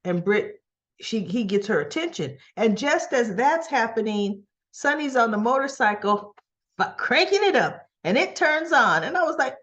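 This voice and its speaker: A woman with a slightly high voice recaps and reviews a soap opera episode at a moderate pace in casual chat, heard on dull audio. She tells it animatedly, performing the characters' lines and frequently laughing in teasing disbelief.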